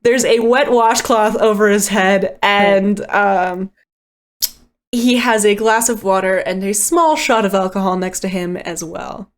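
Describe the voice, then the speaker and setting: A woman's voice: medium pitch, measured pace. A woman narrating scenes as game master of a tabletop game, easygoing and descriptive, with small chuckles.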